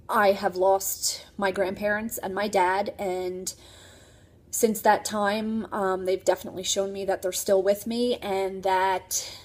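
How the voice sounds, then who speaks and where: Woman, 30s, from New Jersey, breathy and husky tone, earnest personal storyteller. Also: lowish voice, a little mellow. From New Jersey, USA. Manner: earnest, halting with many ums and restarts.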